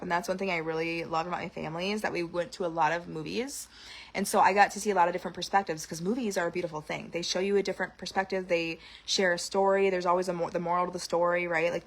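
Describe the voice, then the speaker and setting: A young woman ranting in an outspoken, animated monologue to camera. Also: fairly low pitch. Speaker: vlogger.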